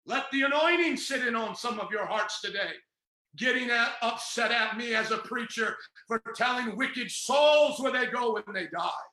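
A Pentecostal preacher, a man, preaching a fiery sermon, often shouting with passion and confronting his listeners. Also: extremely high pitch, measured pace, roomy sound, rough recording.

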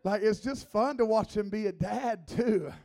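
A man's voice: high-pitched, moderate pace. A man in his thirties preaching as a guest, a joking, conversational sermon full of teasing asides. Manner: playful, teasing, lively asides.

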